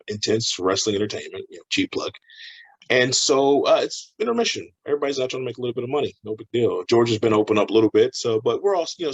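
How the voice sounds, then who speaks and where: A man, a professional wrestler, telling a story in a casual interview, animated and laughing as he acts out the voices of the people in it. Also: mid-range voice, husky, dull audio.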